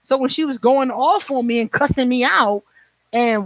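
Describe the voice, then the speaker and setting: A man's voice: very high-pitched, moderate pace, fairly bright tone, no room sound. A man in his forties hosting a casual livestream chat, telling stories bluntly and profanely, laughing often and answering viewers by name. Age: 40s. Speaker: livestream host.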